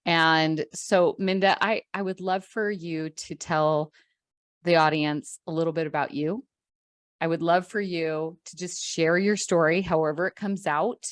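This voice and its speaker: Low-voiced effusive woman podcast host. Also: fairly even intonation, unhurried, dry recording, clean studio sound. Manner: effusive, gushing praise. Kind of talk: heartfelt podcast introduction and chat.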